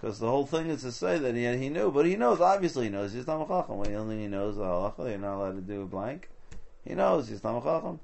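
A man's voice: mid-range voice, animated, fast talker, gravelly, darkish tone. A man teaching a Talmud study session, explaining step by step and asking rhetorical questions. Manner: explanatory, mixes Hebrew and Aramaic terms into English.

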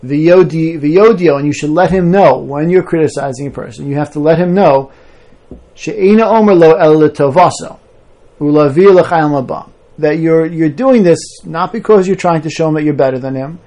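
Higher-voiced man teaching a Torah class. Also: moderate pace, warm tone. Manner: explains patiently, often checking in with "right?" and "you know?".

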